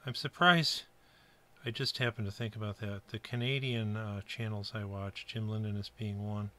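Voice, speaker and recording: A man's voice: fairly low pitch, fairly even intonation, moderate pace, sharp tone. A middle-aged man from the Buffalo, New York area, narrating his kit build in a chatty, rambling way with fillers. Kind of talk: casual workbench narration.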